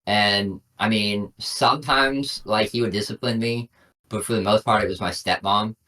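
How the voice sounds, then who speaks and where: A man's voice: fairly low pitch, fairly even intonation, moderate pace, pushed and bright, recorded from a distance. A young man co-hosting a casual podcast, telling long stories with lots of "I'm like.". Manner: rambling storyteller, lots of "I'm like". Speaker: podcast co-host. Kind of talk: casual chat.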